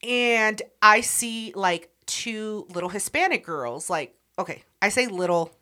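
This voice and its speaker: A woman's voice: mid-range voice, lively intonation, measured pace, sharp tone. A woman with a mid-range voice, chatting casually as a podcast co-host. She talks bluntly and brashly, with plenty of swearing. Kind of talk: casual chat.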